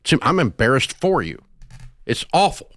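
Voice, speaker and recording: A man's voice: mid-range voice, sing-song, moderate pace, dry recording. Blunt folksy talk-show host man. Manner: blunt, scolding yet affectionate, folksy. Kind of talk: call-in advice show. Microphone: studio microphone.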